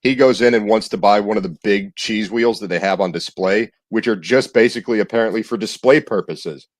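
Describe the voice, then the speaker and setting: A man's voice: lowish voice, fairly quick, no echo. A man co-hosting a casual podcast chat, telling stories with dry, wry asides. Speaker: podcast co-host.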